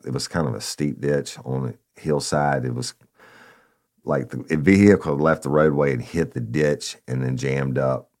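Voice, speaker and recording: A man, a former police officer casually telling a story from his patrol days in a conversational way. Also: very deep voice. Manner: conversational, addresses listeners as y'all, animated retelling.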